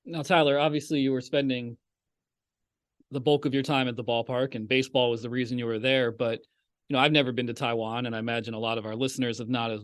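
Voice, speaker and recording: A man's voice: medium pitch, little pitch movement, fast, no room sound, clean studio sound. A man co-hosting a podcast who asks questions in a casual, curious way. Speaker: podcast co-host.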